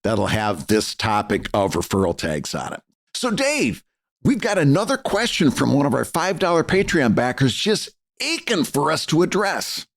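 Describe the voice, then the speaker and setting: A man's voice: mid-range voice, normal speed, creaky. Easygoing American man podcaster. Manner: relaxed, rambling explanations. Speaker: podcast co-host. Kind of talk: casual chat.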